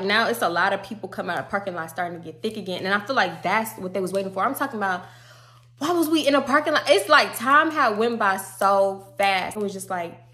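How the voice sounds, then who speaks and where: Animated young woman telling a story. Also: medium pitch. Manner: slangy and animated, acting out quotes. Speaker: storytime vlogger. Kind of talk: casual storytelling.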